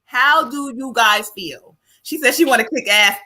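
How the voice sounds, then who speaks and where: A middle-aged woman hosting a live stream as a psychic medium, casual and loud, with lots of exclamations and laughter. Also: fairly high pitch, measured pace.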